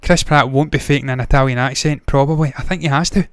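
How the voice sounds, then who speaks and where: A man's voice: mid-range voice, steady tone, fast talker, clean tone, no echo, clean studio sound. A man hosting a movie news show, talking casually with blunt, profane opinions and frequent tangents. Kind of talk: casual solo commentary.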